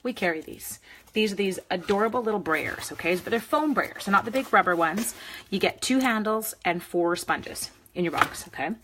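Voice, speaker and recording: A woman's voice: medium pitch, lively intonation, normal speed, background noise. A woman hosting a live card-making demo, chatting with viewers by name as she works. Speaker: crafting demonstrator.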